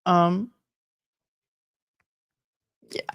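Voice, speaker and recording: A middle-aged woman hosting a casual livestream about court cases, speaking haltingly with many pauses, grieving and close to tears. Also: dry recording. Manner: halting, pausing often with ums. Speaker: courtroom commentary host.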